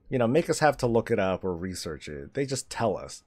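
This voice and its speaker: A male streamer chatting casually while playing a game, animated, swearing freely and laughing often. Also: low-pitched, a little fast, hardly any pauses, slight background noise. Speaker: streamer host. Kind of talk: casual gameplay commentary.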